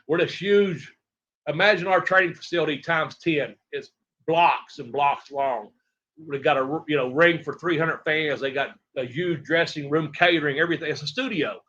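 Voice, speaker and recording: A middle-aged man from Tennessee, a retired wrestler telling rambling, animated stories as an interview guest and acting out other people's lines. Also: a little high, normal speed. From Tennessee, USA. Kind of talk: casual storytelling interview. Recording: dull lo-fi audio.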